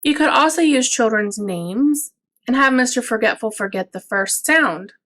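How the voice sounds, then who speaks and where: A woman teacher explaining early reading games for parents in an instructional video, patient and clear, drawing out example words. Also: on the high side, animated, normal speed, fairly bright tone.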